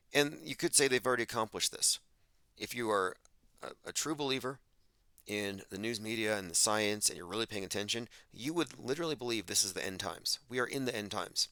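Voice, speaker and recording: A man's voice: lowish voice, pushed and bright, no echo. A man hosting a podcast, delivering an emphatic, sardonic monologue and mocking the voices of the people he quotes. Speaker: podcast host. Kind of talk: monologue commentary.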